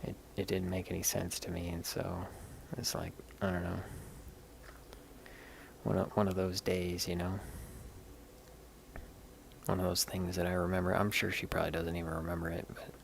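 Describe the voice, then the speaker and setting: A man with a low, heavily gravelly voice talks on a live stream. His chat is rambling, candid and laid-back, with the odd curse word, and a faint hiss sits behind him. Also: little pitch movement, normal speed, pauses often. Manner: rambling and candid, swears casually. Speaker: livestream host showing stones.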